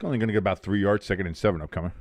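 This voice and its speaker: A man's voice: low voice, very fast, dry recording. A man hosting a live sports watch-along, rambling and teasing a friend between bits of play-by-play.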